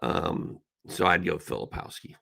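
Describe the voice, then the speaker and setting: Middle-aged man, live-stream Q&A host, bright forceful tone, blunt emphatic answers. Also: sits low, expressive, a little slow, vocal fry. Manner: reads viewer questions aloud, then gives blunt, emphatic advice. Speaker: fantasy basketball analyst hosting a live Q&A.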